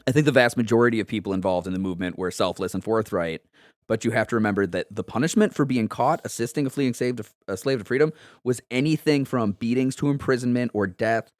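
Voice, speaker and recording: A man's voice: medium pitch, fast talker, no room sound, studio quality. A man co-hosting a casual history podcast, rambling and swearing and laughing at his own jokes. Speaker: podcast co-host.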